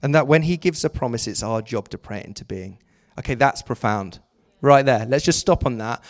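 A middle-aged man preaching a sermon, telling a story with lively, jokey asides. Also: mid-range voice, a little fast, few pauses.

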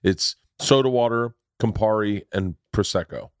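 A man hosting a podcast, telling stories in a casual chat, animatedly leaping into loud high voices when he quotes people. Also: normal speed, clear, resonant tone, no echo, studio quality. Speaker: podcast host.

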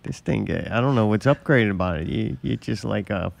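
A man's voice: on the low side, lively intonation, brisk, vocal fry. A man co-hosting a show, blunt and teasing, swearing freely. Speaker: co-host. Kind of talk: casual banter. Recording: loud music behind.

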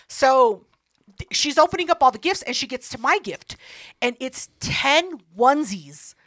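Give me a woman podcast host with a fairly high voice, swearing her way through an animated story. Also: unhurried, dry recording. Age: 30s. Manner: profane, animated, acts out other people's lines. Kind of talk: casual storytelling chat.

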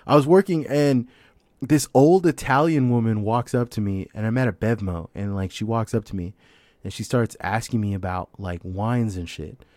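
A man's voice: lowish voice, normal speed, darkish tone, dry recording. A young man chatting casually on a podcast, telling rambling, profane stories and laughing often. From Mexican heritage. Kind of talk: casual chat.

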